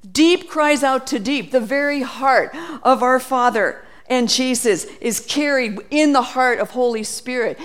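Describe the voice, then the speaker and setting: Animated woman preaching a sermon. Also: on the high side. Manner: animated, acts out quoted voices, reads scripture aloud.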